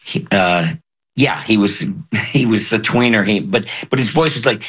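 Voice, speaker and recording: Earnest man, lowish voice, stops and restarts a lot, opening up in an interview. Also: slightly rough. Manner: halting, earnest, soft-spoken. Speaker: voice actor, guest. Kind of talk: candid interview talk.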